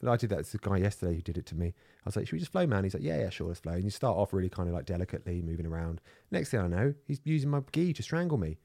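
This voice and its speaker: A man in his thirties co-hosting a casual chat, telling animated stories and acting out what people said. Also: deep voice, rapid-fire, few pauses, dry recording, clean studio sound. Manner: animated storyteller, acts out quoted voices. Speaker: podcast co-host.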